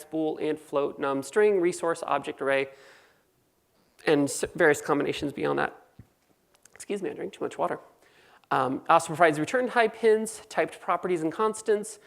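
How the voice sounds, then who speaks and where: Californian woman, low gravelly voice, fast joking conference presenter. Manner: quick, joking, conversational. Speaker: conference speaker. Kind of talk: technical conference talk.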